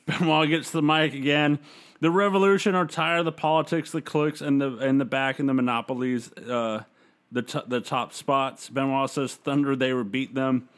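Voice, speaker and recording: A man's voice: mid-range voice, fairly even intonation, normal speed, fairly bright tone, clean tone. A man casually recapping a wrestling show on a podcast, rambling with fillers. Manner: loose, rambling recap with fillers and quoted voices. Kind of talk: casual chat, play-by-play recap.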